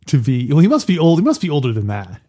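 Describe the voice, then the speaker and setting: A man's voice: a little high, huge pitch swings, quick pace, mellow. A man co-hosting a podcast, thinking aloud about a film with many restarts. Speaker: podcast co-host. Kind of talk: casual film discussion.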